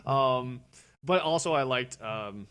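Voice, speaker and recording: A man's voice: medium pitch, expressive, slow pace, a bit bright, clear, resonant tone. A man co-hosting a film podcast in casual chat, talking loosely and acting out characters' lines as he recaps scenes. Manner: chatty, acts out characters' lines in quotes. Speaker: podcast co-host.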